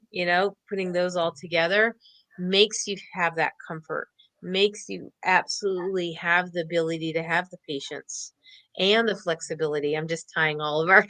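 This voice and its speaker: Upbeat, chatty woman co-host with a bright, dry, close sound. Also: fairly low pitch, no room sound, rough recording. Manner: chatty, upbeat, laughs often. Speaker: co-host doing card readings. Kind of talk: casual online show chat.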